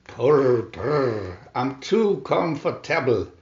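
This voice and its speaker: A man's voice: medium pitch, big pitch swings, very slow, exaggerated voice. Man doing a lazy purring cat. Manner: drawling, purring. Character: lazy comfortable house cat. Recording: roomy, dull lo-fi home recording.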